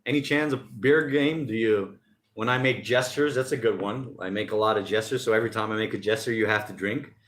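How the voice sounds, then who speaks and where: Outdoors by the ocean, a man hosts a casual live stream, reading chat messages aloud and chatting loosely with lots of jokes. His voice is fairly low and fairly bright, with fairly even intonation and a brisk pace, and he often laughs while rambling.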